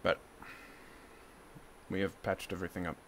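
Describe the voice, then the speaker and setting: A man speaks straight to the camera in a loose, casual monologue. His voice sits low and gravelly, and he keeps circling back over the same words in an agitated way. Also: level tone, moderate pace, a little hiss or hum. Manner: agitated, repeats himself. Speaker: vlogger.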